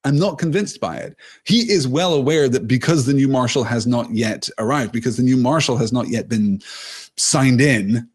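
A man with a mid-pitched, slightly husky voice analyses a film in a reflective, conversational way. He often circles back to rephrase a thought, then presses his point with sudden emphasis. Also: normal speed. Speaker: film commentator.

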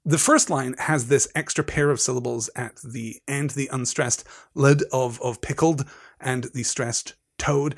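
A man giving a literary lecture with slides, animated and analytical, with frequent digressions. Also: mid-range voice, unhurried, husky. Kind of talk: literary lecture with slides and read-aloud passages.

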